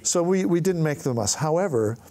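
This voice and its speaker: A man's voice: fairly high pitch, fairly quick. An older man telling anecdotes in an on-stage conversation, acting out the voices of the people in his stories. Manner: animated storyteller, acts out quoted voices. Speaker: film writer-director, guest. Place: on stage before an audience.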